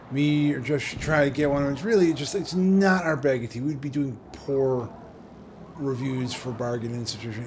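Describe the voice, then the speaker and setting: A man hosting a gaming channel, chatting casually and rambling with self-interruptions while he plays. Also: medium pitch. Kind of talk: casual let's-play commentary. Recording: game audio and engine noise underneath. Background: race car engine sounds.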